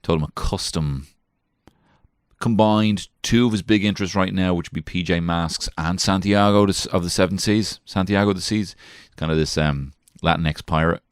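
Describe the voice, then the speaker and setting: A man's voice: deep voice, moderate pace, clean tone, dry recording, studio quality. A man in his thirties telling a rambling comic story as a podcast host, swearing and mocking himself as he jumps into put-on voices. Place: small garden shed.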